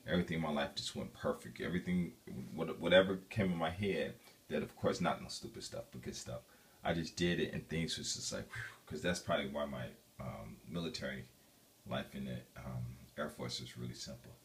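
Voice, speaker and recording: A man's voice: very deep voice, brisk, distant mic. A man vlogging a personal story in a casual, rambling way, full of fillers and restarts.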